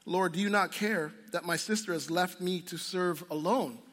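A man's voice: high-pitched, moderate pace, a bit bright, in a large hall, pitched below the performer's own voice. A man preaching voices a frustrated woman who whines that she has been left to do the work alone. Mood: self-pitying. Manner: whiny, self-pitying.

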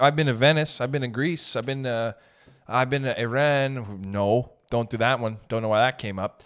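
A young man doing a casual comedic monologue, rambling and joking with swerving pitch and pace. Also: steady tone, moderate pace, clean tone. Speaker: comedian host.

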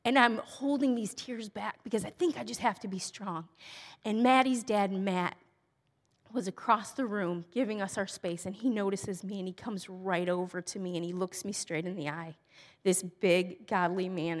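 A middle-aged woman speaking at a women's church event, telling personal stories earnestly and moving between bright emphasis and hushed, tender softness. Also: medium pitch, fairly even intonation, normal speed. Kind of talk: personal teaching talk. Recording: long reverb of a large hall.

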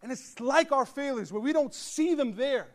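A man pastor delivering a humorous storytelling sermon to his congregation, animated with joking asides and bursts of shouting. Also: very high voice, moderate pace. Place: church service before a congregation.

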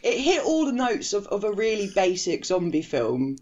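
A man's voice: high-pitched, very animated, normal speed, darkish tone, dull audio. This is a chatty man talking casually on a podcast, laughing often as he rambles through a film review. His delivery is loose and full of fillers. He has an easy, conversational flow. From England. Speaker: podcast co-host. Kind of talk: casual chat.

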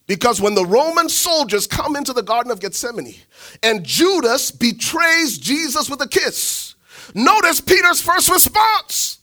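A man preaching a sermon, telling the story dramatically, swinging from shouts to hushed asides. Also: very high voice, sing-song, moderate pace.

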